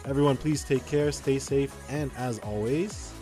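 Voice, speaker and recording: A young man co-hosting a podcast with an easygoing, loose way of talking, full of fillers and laughter. His voice sits in a middle pitch. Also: unhurried, over music. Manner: laid-back, laughs often, loose filler-heavy talk. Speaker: podcast co-host. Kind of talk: casual chat.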